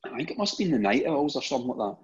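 This Scottish guest on an interview show is middle-aged and has a medium-pitched, sing-song voice with a breathy edge, delivered rapid-fire. His storytelling is casual and anecdotal, with frequent repeated words as phrases begin, captured on a dull lo-fi recording.

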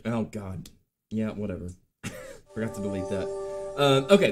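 A man in his late thirties hosting a live show, telling stories in a chatty, animated way with lots of ums and uhs. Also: on the low side, normal speed, over music. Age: late 30s. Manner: chatty, animated storytelling with filler words. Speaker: podcast host. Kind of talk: casual live-stream chat.

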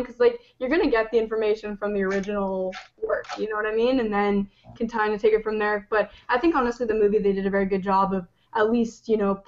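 A woman hosting a casual chat, talkative and quick to laugh. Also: on the high side, a little mellow. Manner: chatty, laughs easily. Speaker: host. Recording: muffled lo-fi with faint hiss.

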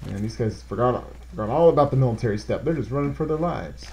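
A man hosting a video game let's play, talking casually and excitedly to his viewers as he plays. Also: mid-range voice, fast talker, hardly any pauses, a little hiss or hum. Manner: excitable, rambling, talks straight to viewers. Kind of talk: casual gameplay commentary.

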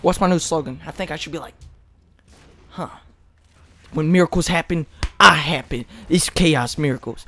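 A teenage young man giving rambling, excitable commentary over gameplay, close to his mic. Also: fairly high pitch, brisk. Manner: rambling, hyped, self-mocking. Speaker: gaming commentator. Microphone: close desk mic.

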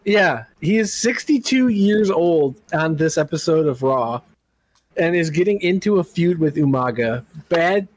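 A man's voice: fairly high pitch, measured pace, dry recording, low-quality recording. A man co-hosting a casual podcast, animatedly retelling a wrestling show and often laughing. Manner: animated storyteller, laughs often, shouts impressions. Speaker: podcast co-host recapping wrestling.

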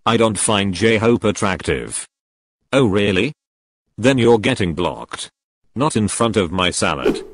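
Robot tts guy voice, low and emotionless, dry close sound, reading out fan confessions. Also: no echo. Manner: emotionless, flat synthetic delivery. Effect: text-to-speech voice. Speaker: YouTuber reacting to fan confessions.

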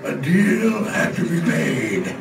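An actor playing a treacherous, grave old male robot commander with a gravelly, commanding voice, heard in a distant, roomy film clip under a loud score. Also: fairly high pitch, sing-song, slow pace, over loud music, heavily acted. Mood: solemn.

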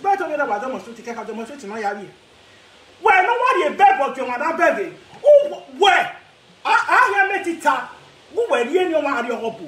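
A Nigerian woman vlogger ranting to camera in a casual, animated way, laughing often and mixing pidgin with her local language. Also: high voice, reverberant. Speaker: social media vlogger.

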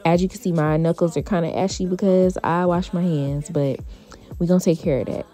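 A woman giving a chatty, relaxed tutorial voice-over as a beauty vlogger, full of casual fillers. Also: fairly low pitch, normal speed, faint music behind.

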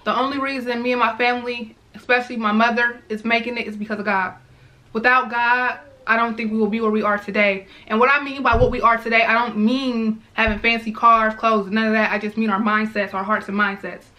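A woman with a high, bright, forceful voice speaks straight to her viewers in a casual vlog. She is heartfelt and repetitive, leaning on "y'all" as she talks it through. She sounds like a mother sharing her feelings unscripted. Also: steady tone, brisk, low-quality recording. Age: adult, mother of young girls. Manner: heartfelt, repeats herself, addresses viewers as y'all. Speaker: vlogger. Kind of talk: emotional casual commentary to viewers.

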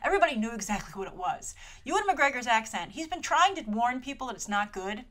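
Lively, bright-voiced woman reviewing trailers. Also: on the high side, quick pace. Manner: chatty and animated, full of asides and filler words; playful, slips into mock voices when quoting. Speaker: host of a movie trailer review show. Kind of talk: casual trailer review commentary.

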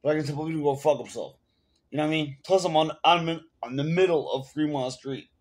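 New York vlogger, rambling profane rant, a bit high-pitched. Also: male voice, fast. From Bronx, New York. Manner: profane, rambling, full of fillers. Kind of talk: casual rant to camera. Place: at home.

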